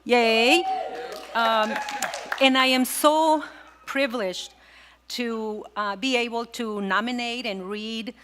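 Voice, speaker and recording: A woman's voice: a little high, slow, fairly bright tone. A woman reading an award nomination at a ceremony in an upbeat, enthusiastic way. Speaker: nominator, alumna.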